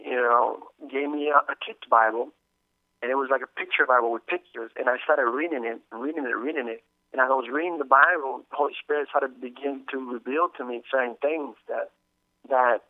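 A man's voice: mid-range voice, no room sound. Man talking over a tinny phone line. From Dominican Republic. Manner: halting, many restarts and fillers. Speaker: guest. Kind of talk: casual testimony over the phone.

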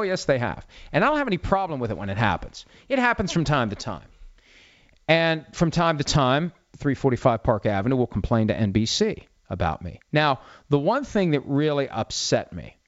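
A man's voice: medium pitch, no room sound, muffled recording. A man in his forties, a sports writer and host, talking candidly and bluntly with many restarts. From Italian-American. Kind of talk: casual talk answering listener questions.

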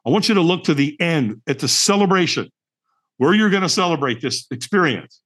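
A middle-aged man, a podcast guest, telling a personal story in an animated, emphatic way and acting out the dialogue. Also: a little high, fairly quick. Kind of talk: storytelling in conversation.

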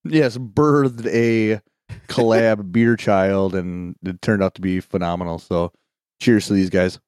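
A man's voice: on the low side, steady tone, slow, a little mellow, smooth, no room sound, studio quality. A man co-hosting a podcast, casually reading out and joking about beer tasting notes. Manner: jokey, reads tasting notes playfully. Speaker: podcast co-host reviewing beer. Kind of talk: casual chat.

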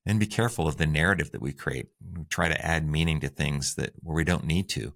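Very deep-voiced man, upbeat co-host. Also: a little fast, fairly bright tone. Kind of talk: relationship advice podcast talk.

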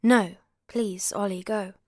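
Cool young woman in a storybook reading, voiced by the narrator; brisk, evasive, often whispering; dry sound. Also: medium pitch, fairly even intonation, a little mellow, no echo. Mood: urgent hushed.

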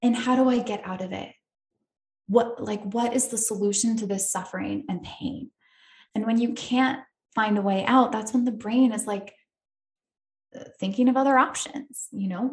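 A woman's voice: medium pitch, fairly even intonation, normal speed, roomy sound. A woman hosting a podcast, telling her own story in an earnest, emotional way with many fillers. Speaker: podcast host.

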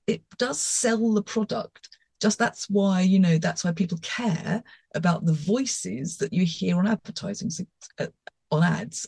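A woman co-hosting a podcast in casual chat, talking emphatically in quick, confident bursts. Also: fairly low pitch, gravelly, mellow, slightly rough, no echo. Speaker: podcast co-host.

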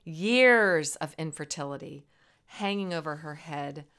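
A woman's voice: low voice, animated, unhurried, fairly bright tone, smooth. A woman telling a Bible story as a lesson in a playful, dramatic way. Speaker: Bible teacher.

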